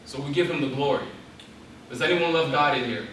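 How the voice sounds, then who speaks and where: A man's voice: fairly high pitch, brisk, a bit bright, distant mic, a little hiss or hum. A young man giving an intense, preacherly Christian talk to an audience in a large hall, building to emphatic exhortations. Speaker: guest speaker. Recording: very echoey hall, voice off-mic.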